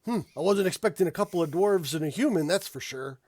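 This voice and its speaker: A man voicing a gruff male deep gnome clan leader who speaks haltingly with many pauses. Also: expressive, a little mellow, no room sound, studio quality. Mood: wary. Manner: hesitant, halting speech.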